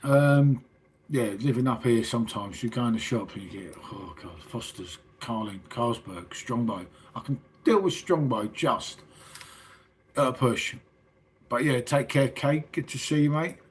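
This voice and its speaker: Late at night, a middle-aged English livestreamer swears freely and calls each viewer "mate" as he chats casually with them. He speaks at a normal pace in a mid-range voice, with a slight background noise.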